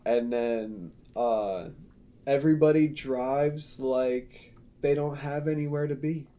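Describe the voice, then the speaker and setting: A man's voice: medium pitch, slow, mellow. A man hosting a casual podcast, telling rambling, profane stories. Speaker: podcast host.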